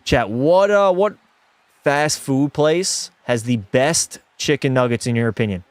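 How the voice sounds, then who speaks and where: Unhurried and medium-pitched, with a clean tone and no echo, a young streamer narrates his hockey video game. He's chatty and excitable, replying to viewers and bursting into mock French-Canadian exclamations between plays.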